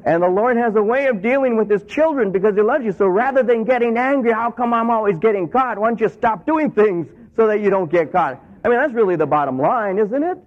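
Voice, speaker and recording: A man's voice: high-pitched, animated, brisk, few pauses. A middle-aged male pastor preaching a sermon in a conversational way, acting out the voices of the people he quotes. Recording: tinny phone-like radio broadcast.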